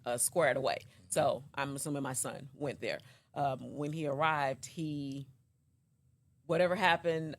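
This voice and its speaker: A woman, the mother of a young man, recounting in an interview what happened, with many pauses and restarts. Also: low-pitched. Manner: halting, many ums and restarts. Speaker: mother of the accused.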